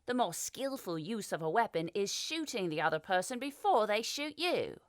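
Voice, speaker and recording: A blunt, hard-drinking female gunfighter in a fantasy audiobook, lazy and brash in her delivery, as a woman narrator puts her on. The voice swings freely in pitch and sounds dry and close. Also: big pitch swings, moderate pace, no room sound, lightly acted.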